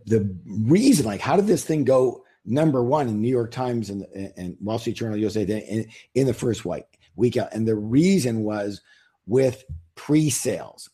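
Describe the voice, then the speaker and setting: A man's voice: mid-range voice, warm tone, slightly rough. A man, an author, talking as an interview guest in a casual, emphatic, salesy way, firing rhetorical questions at listeners.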